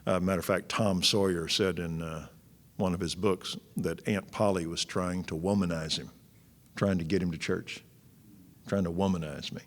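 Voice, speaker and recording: A man's voice: deep voice, fairly even intonation, normal speed. A man, preaching a sermon in a folksy, blunt and joking way. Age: 60s. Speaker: pastor. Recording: long church-hall reverb.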